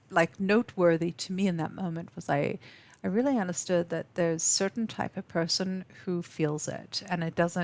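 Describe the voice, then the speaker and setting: A woman's voice: lowish voice, gravelly. Effusive woman hosting a webinar. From South Africa. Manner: warm, effusive, many ums and restarts. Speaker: webinar host. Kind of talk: live webinar talk to viewers. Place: office.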